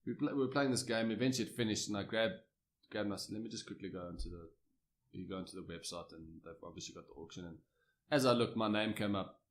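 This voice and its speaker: A South African man in his thirties talks fast in a low register. He tells his stories as a guest in a casual interview. He is lively and anecdotal, often restarting his sentences. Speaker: cricketer guest.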